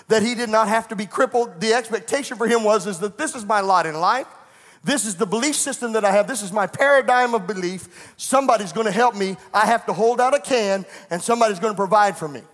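In a church sanctuary, a middle-aged pastor with a high voice gives a sermon that starts with personal stories and builds into fervent preaching. The sound carries like a large hall.

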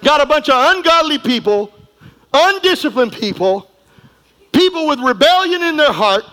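A middle-aged man preaching a sermon, folksy and emphatic, going from quiet asides to shouting. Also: extremely high pitch, big pitch swings, moderate pace, rough recording. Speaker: pastor.

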